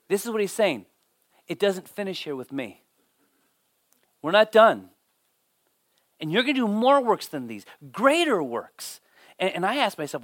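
A man giving a sermon as pastor, telling stories with lively swings and dropping almost to a whisper for emphasis, often repeating words as he starts a sentence. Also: high-pitched, unhurried, pauses often, no echo, studio quality. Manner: animated storytelling, drops to near whisper for emphasis.

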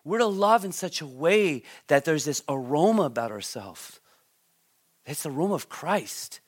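A man preaching a sermon as a pastor, reading scripture and asking the congregation questions, with emphatic bursts and quiet asides. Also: on the high side, expressive, normal speed, slightly rough. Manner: emphatic, swings between loud stresses and quiet asides, repeats words.

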